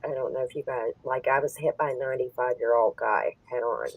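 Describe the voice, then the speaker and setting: A woman's voice: rumbling low, lively intonation, fairly quick, gravelly, breathy edge, no echo, far from the mic, poor audio. A middle-aged woman telling stories in casual chat, laughing often as she talks. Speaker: poker stream co-host.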